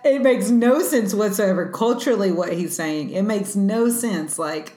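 A woman co-hosting a faith discussion, chatty and animated, with lots of fillers. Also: medium pitch, measured pace, few pauses. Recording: echoey room.

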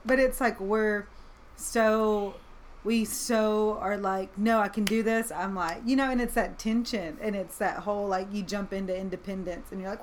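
A woman's voice: medium pitch, moderate pace, a little hiss or hum. Affirming woman hosting a faith chat. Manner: enthusiastic, affirming, with many likes. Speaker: podcast host. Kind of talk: casual faith conversation.

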